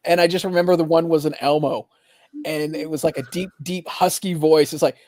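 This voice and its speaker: Fairly high-voiced guy cracking jokes on a livestream, dry close mic, laughs a bunch. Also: steady tone, moderate pace, darkish tone, dry recording. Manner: jokey, laughs often, puts on funny voices in anecdotes. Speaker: livestream co-host. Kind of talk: casual group chat.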